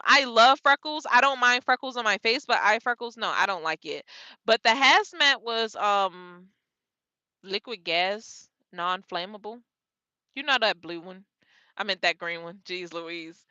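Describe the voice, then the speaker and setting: A young woman telling a road story in a casual vlog, animated and laughing as she retells it. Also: medium pitch, dry recording, muffled recording. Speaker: vlogger, truck driver.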